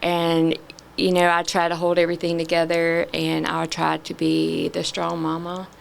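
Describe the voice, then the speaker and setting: A middle-aged woman, a podcast guest, sharing a candid personal testimony in an earnest, halting way with many pauses. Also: on the low side, monotone, vocal fry, a little hiss or hum.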